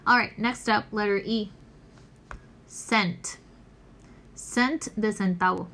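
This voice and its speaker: A woman teacher recording a lesson, slowly and patiently explaining each answer step by step. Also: medium pitch, fairly bright tone, a little hiss or hum. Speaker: English teacher.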